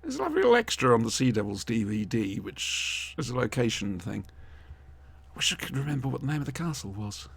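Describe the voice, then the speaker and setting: A man's voice: mid-range voice, brisk, vocal fry, slightly rough, dry recording. A man, co-hosting a casual, jokey watch-along commentary. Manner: jokey, rambling, animated reactions. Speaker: podcast co-host.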